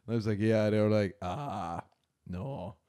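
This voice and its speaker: An Irish man chatting as a podcast guest. He tells stories in a relaxed way and laughs often. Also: fairly low pitch, moderate pace. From Ireland. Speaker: guest comedian. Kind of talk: casual chat.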